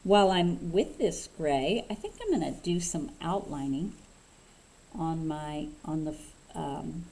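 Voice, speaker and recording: A woman talking through a painting tutorial step by step, relaxed and unhurried, thinking aloud with fillers as she paints. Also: sits low, a little hiss or hum, low-quality recording. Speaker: craft instructor.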